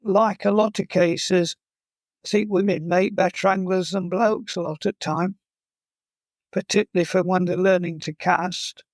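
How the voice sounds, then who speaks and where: Man, fly casting instructor. Slow, drawn-out delivery, humorous storyteller, fairly high pitch. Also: steady tone, no echo. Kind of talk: casual interview chat.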